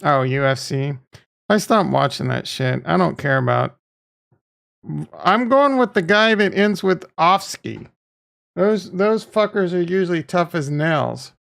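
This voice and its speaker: Man, crypto livestream host, gravelly voice, loose profane rambling, chatting with viewers. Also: fairly high pitch, expressive, measured pace, a bit bright. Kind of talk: casual livestream chat reading viewer comments.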